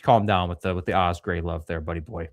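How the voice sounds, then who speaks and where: A man's voice: low voice, fairly even intonation, fairly quick, no room sound. A young man co-hosting a casual livestream, reading viewer messages aloud and answering with crude jokes. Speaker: livestream co-host reading superchats.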